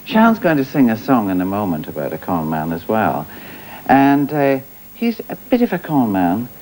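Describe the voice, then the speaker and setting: Lively-voiced male singing teacher. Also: fairly low pitch, normal speed, soft background music, rough recording. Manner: chatty, encouraging, demonstrates phrases by singing them. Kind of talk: coaching singers in a studio class.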